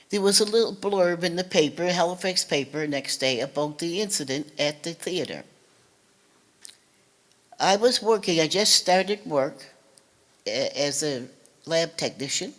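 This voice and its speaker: An older woman from Nova Scotia speaks in a slightly low voice as a guest speaker. She tells her family story earnestly and haltingly, repeating words and restarting her sentences. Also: a bit bright. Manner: earnest, recounts family memories. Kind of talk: personal storytelling talk.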